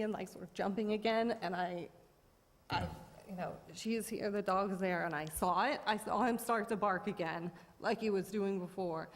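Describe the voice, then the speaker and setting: A woman's voice: mid-range voice, fairly even intonation, moderate pace. Woman telling her side at a town meeting, rambly, lots of likes and ums, echoey hall. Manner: rambling, many fillers and restarts. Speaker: dog owner at a public hearing. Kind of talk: informal testimony. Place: town board meeting room. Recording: long reverb of a meeting room.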